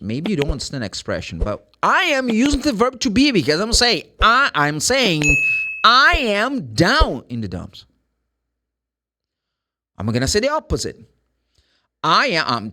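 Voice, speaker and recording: Brazilian guy teaching english grammar, voice jumps all over, says the examples real slow and stressed. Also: fairly high pitch, bright, forceful tone. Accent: Brazilian Portuguese. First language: Portuguese. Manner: repeats example sentences slowly and emphatically. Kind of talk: explaining grammar to learners.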